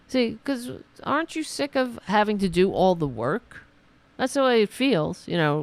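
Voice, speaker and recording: A woman hosting a political commentary podcast, ranting sarcastically and mocking opponents in high put-on voices. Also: clear, resonant tone, dry recording.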